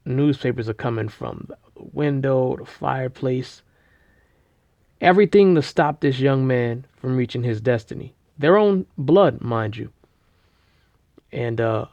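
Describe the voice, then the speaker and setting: A man casually retelling a story, rambling with slang, fillers and restarts, and getting loud and animated at the big moments. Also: medium pitch, gravelly, dry recording. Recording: dull lo-fi recording.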